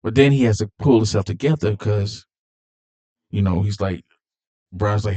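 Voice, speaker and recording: A man's voice: on the low side, moderate pace, pauses often, warm tone. A man casually recapping a movie plot, rambling with fillers and repeated words. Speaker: movie reviewer.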